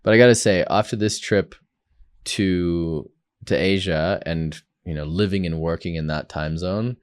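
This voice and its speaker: A man from South Africa speaks as a podcast guest in a deep, low register. He thinks out loud in an earnest, reflective way, circling back with fillers and restarts as he works through his ideas. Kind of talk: casual conversation.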